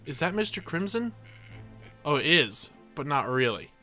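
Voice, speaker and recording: Young male gameplay commentator, bright and higher-pitched, jumpy and theatrical. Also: normal speed, faint music behind. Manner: excitable, dramatic self-narration. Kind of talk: let's play commentary.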